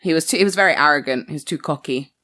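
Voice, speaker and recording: A woman's voice: deep voice, rapid-fire, sharp tone. A woman in casual chat, talkative, laughing often and swearing casually. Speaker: podcast co-host.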